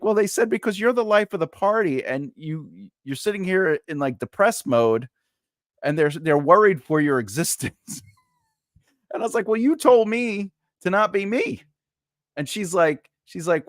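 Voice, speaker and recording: Clean studio sound with no echo captures a slightly high male voice. He's the regular co-host of a live stream, casually telling a self-deprecating story and animatedly impersonating the people in it.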